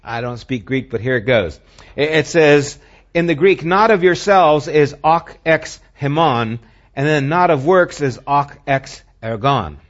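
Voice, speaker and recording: A male pastor preaching a sermon, moving between animated emphasis and hushed, near-whispered lines. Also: fairly high pitch, normal speed, lo-fi sound.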